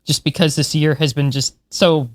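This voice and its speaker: A low-pitched woman in her forties, a space historian co-hosting a podcast, chats enthusiastically at a moderate pace with fairly even intonation. She laughs often in this casual conversation, and there is no echo.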